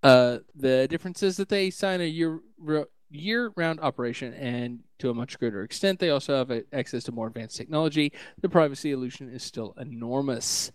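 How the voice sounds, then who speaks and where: A man's voice: medium pitch, a little fast, few pauses, clear, resonant tone, dry recording. A man co-hosting a casual tech news podcast, reading articles aloud with stumbles and laughter.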